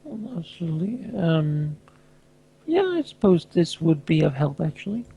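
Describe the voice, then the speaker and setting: A man's voice: a little high, animated, moderate pace, gravelly, husky, lo-fi sound, exaggerated voice. A man voicing tired pragmatic Laurel. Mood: weary. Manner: tired, dry, hesitant. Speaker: tabletop player.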